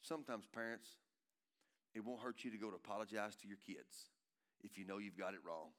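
A man preaching a sermon in a church, swinging between loud urging and hushed tenderness and calling out to the congregation with repeated phrases. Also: lowish voice, fairly even intonation, fairly quick. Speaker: pastor. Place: church sanctuary.

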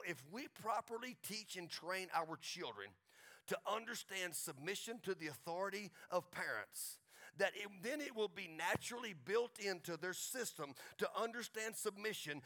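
A man with a Texas accent preaching a folksy sermon as pastor, building to excited crescendos and closing in prayer. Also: sits high, gravelly.

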